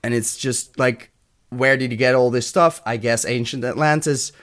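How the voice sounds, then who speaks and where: A man's voice: medium pitch, steady tone, moderate pace, a bit bright. A man from Europe co-hosting a podcast, rambling and profane, thinking aloud with restarts. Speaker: podcast co-host. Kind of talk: casual chat.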